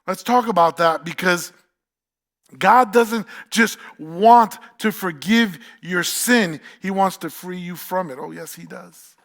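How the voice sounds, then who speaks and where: A man's voice: high voice, takes it slowly, a bit bright. A man with a New York accent preaching a sermon as pastor, emphatic, repeating key phrases and asking the congregation questions.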